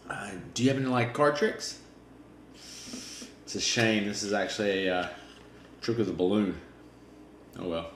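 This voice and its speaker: A man, a magician, presenting a quick gag tutorial to viewers in a friendly, direct way. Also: lowish voice, a bit bright. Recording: echoey room, faint noise.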